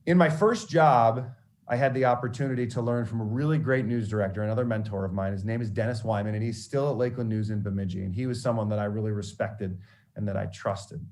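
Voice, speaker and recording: A man's voice: lowish voice, fast. A man who works as a sportscaster, telling candid stories to students about mentors and failure, with frequent restarts as he goes. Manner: candid, animated storyteller with many restarts. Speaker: sportscaster giving a mentoring talk. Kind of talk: storytelling speech to students.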